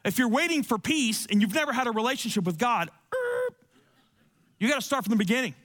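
A man preaching a sermon and telling a personal story, often dropping to soft, low tones for emphasis. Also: rapid-fire. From Cuban family. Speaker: pastor.

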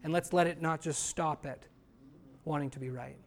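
A man's voice: fairly high pitch, fairly even intonation, moderate pace. A male pastor preaching a sermon with earnest emphasis, putting rhetorical questions to the congregation.

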